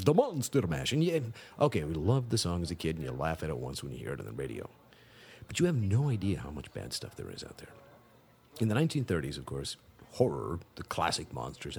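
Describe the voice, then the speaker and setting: A man's voice: low voice, darkish tone, breathy edge. A middle-aged man hosting a radio show, talking in a dry, wordy way full of wry humor and bad puns. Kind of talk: scripted comic radio monologue.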